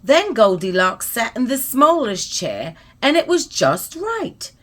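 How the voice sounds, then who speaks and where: A woman storyteller reading a children's bedtime story aloud in an expressive, soothing way. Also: fairly high pitch, takes it slowly. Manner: expressive, soothing, trailing into soft whispers at the close.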